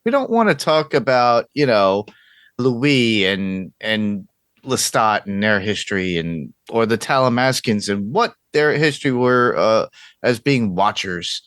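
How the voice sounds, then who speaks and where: Lower-voiced man in casual podcast chat. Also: lively intonation, a little slow, fairly bright tone, dry recording, clean studio sound. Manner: chatty, hedging, repeats himself. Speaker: podcast co-host. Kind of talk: casual movie discussion.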